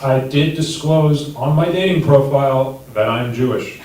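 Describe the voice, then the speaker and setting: A man in his thirties works through a stand-up set with dry, crude, self-mocking delivery. His voice sits at an ordinary middle pitch. It comes from well back from the mic in a very echoey room, with steady noise behind it. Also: measured pace, far from the mic. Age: 30s. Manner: deadpan, crude, self-deprecating. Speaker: stand-up comedian. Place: comedy club stage.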